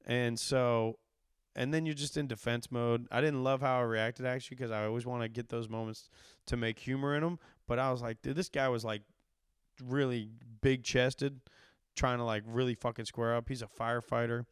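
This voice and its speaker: A man in his thirties, a comedian hosting his podcast, telling a story in a casual, profane, animated way and acting out the quotes. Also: medium pitch, normal speed, clear, resonant tone, no echo, studio quality. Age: 30s.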